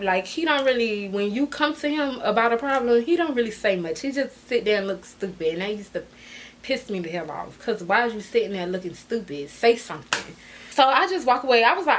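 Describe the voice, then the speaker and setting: A young woman telling a personal story in a casual storytime, animated and slangy, jumping between loud outbursts and low asides. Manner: slangy and expressive.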